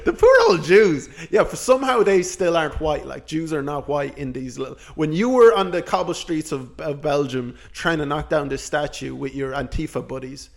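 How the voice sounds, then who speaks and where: Man, podcast co-host, teasing, sarcastic, swears a lot, slightly high voice. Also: expressive, normal speed, creaky, few pauses. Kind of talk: casual comedic banter.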